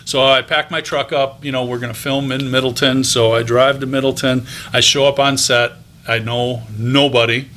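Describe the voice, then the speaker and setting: Bright-voiced man in his fifties. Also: medium pitch, level tone, moderate pace, slight background noise. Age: 50s. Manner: chatty anecdotal telling with frequent ums and restarts. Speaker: guest, teacher and voice actor. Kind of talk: casual interview storytelling.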